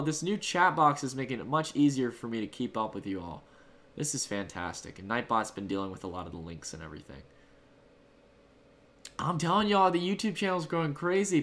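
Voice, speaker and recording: A man's voice: mid-range voice, fairly bright tone. A man hosting a live stream, answering his viewers' chat messages in a casual, upbeat, rambling way. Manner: loose, rambling delivery with fillers and restarts. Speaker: livestream host.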